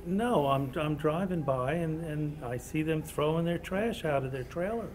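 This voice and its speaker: Man doing a grumbling prejudiced hunter in a workshop role-play, halting, a bit high voice, faint noise behind. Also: close to an everyday voice. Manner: halting, hesitant delivery.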